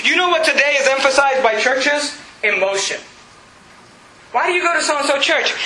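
A man preaching a fiery sermon as pastor, often shouting and laughing between lines, recorded in a church. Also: extremely high pitch, expressive, moderate pace, noisy background. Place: church hall. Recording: echoey church room.

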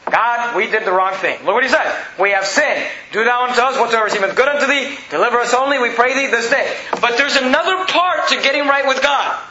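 A man preaching a sermon as pastor, building to emphatic shouts, recorded in a church. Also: extremely high pitch, a little hiss or hum. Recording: echoey room, dull lo-fi sound.

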